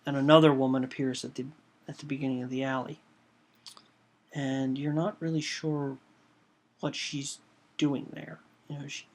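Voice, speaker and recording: A man pitching a storyboard, walking through the scenes hesitantly with many fillers. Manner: hesitant, full of "um" and "you know".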